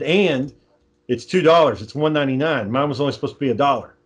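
A man's voice: mid-range voice, fast, husky. A man in casual chat, telling long stories with many fillers and restarts.

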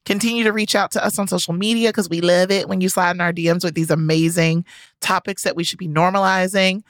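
A woman's voice: lowish voice, steady tone, fast, no room sound, studio quality. A woman co-hosting a podcast in casual chat, playful and joking, often laughing. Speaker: podcast co-host.

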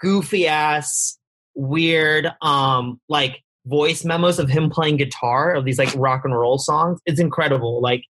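A man's voice: fairly high pitch, unhurried, fairly bright tone, slight background noise. A man chatting casually as a podcast guest over a video call, in laid-back slangy talk, slipping into voices when he quotes people. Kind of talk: casual chat.

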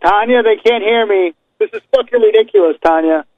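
A man's voice: high voice, brisk, no echo, dull audio, voice pushed up. Man putting on a hollering old wrestler. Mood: irritated. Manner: brash, hollering woo, calling listener brother. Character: aging pro wrestler, gravelly showman calling a fan.

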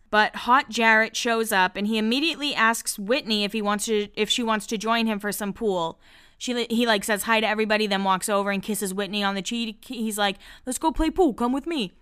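A woman talking through a gossipy recap in a smooth, resonant voice, her pitch sitting in an ordinary middle range. She is candid and chatty, and she throws in casual swearing like she's talking with a friend. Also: fairly bright tone. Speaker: podcast host recapping a reality show.

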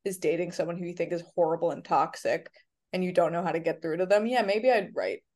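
A woman co-hosting a podcast in casual chat, recapping scenes in an animated way and laughing along. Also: fairly low pitch, quick pace. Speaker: podcast co-host.

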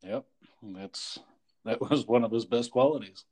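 A man in a relaxed chat, speaking in a quiet, low-key way. His voice sits at an ordinary middle pitch, and he mostly adds short agreements and brief memories. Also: a little slow. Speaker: friend sharing memories. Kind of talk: casual conversation.

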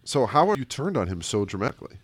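A man's voice: medium pitch, very animated, fast, slightly rough, dry recording. A man from the American Midwest co-hosting a casual sports podcast, congested with a cold, joking dryly with hesitant filler words. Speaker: podcast co-host.

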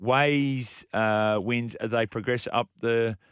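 A man's voice: mid-range voice, steady tone, takes it slowly, a bit bright, smooth, no echo, clean studio sound. An Australian man hosting a breakfast radio show, chatting casually and reading out listener texts and phone numbers. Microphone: studio microphone.

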